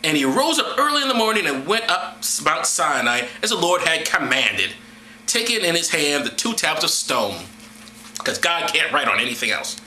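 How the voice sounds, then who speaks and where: A high-pitched, very bright male voice swings wildly up and down as he reads scripture aloud. He keeps breaking off into crude, mocking sarcasm. The room around him is echoey. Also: sing-song, moderate pace, slight background noise. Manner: mocking, profane, exaggerated sarcastic asides. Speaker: vlogger. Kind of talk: sarcastic scripture reading with commentary.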